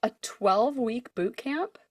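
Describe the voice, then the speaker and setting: Young woman, singer, podcast co-host, animated storyteller, acts out quotes, dry close sound. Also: fairly high pitch, a little slow, no echo. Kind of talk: casual chat.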